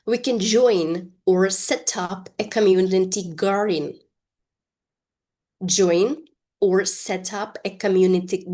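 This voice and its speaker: A woman teaching an English lesson, with careful, drawn-out pronunciation drills. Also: mid-range voice, a little mellow. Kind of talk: language lesson.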